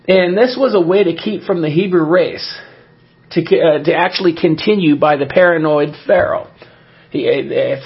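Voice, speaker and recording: A man preaching a sermon in a conversational way, often pausing on fillers and restarting his sentences. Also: a little high, husky, lo-fi sound. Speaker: pastor.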